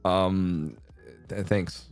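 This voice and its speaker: A man's voice: sits low, fairly even intonation, very slow, clean tone, soft background music. A young man streaming casual chat, rambling and swearing a lot, laughing often.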